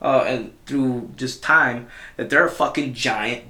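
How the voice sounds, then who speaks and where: A young man in casual chat, telling stories excitedly with lots of swearing and restarts. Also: medium pitch, slow. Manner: profane, excitable storyteller with many restarts. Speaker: podcast co-host. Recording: echoey room.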